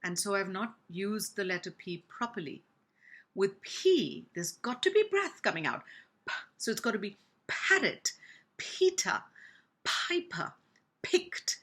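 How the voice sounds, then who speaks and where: A woman speech teacher from India giving a pronunciation lesson, speaking slowly and deliberately and demonstrating each sound with exaggerated articulation. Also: mid-range voice, a bit bright, slightly rough.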